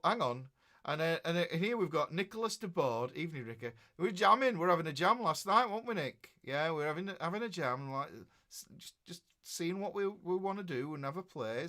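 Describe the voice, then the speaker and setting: A man's voice: on the high side, bright, forceful tone. A middle-aged man, a guitar teacher chatting casually on a livestream and reading out viewer comments in a rambling way.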